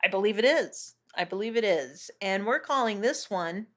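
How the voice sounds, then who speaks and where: A woman co-hosting a movie podcast, talking in an animated way, swearing freely and quick to laugh. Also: medium pitch. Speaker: podcast co-host. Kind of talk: casual chat.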